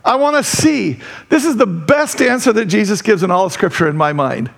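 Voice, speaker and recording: A male pastor preaching a sermon in a conversational, animated way who laughs often. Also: high voice, brisk, creaky.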